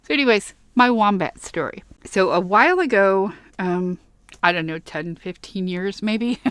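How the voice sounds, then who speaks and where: Chatty woman from Michigan, smooth voice. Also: mid-range voice, animated, moderate pace, a bit bright, no echo. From Michigan, USA. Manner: rambling, chatty, with frequent ums and laughs. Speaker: vlogger. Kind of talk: casual plushie haul vlog. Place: bedroom.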